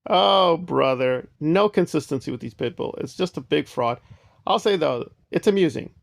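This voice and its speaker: A man's voice: high voice, expressive, moderate pace, vocal fry, no echo. A man giving sarcastic, scornful commentary on online drama.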